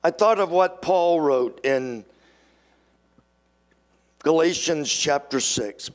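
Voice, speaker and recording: An older man preaching a sermon, slow and emphatic, acting out quoted voices with sudden jumps in pitch. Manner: animated, acts out quoted voices.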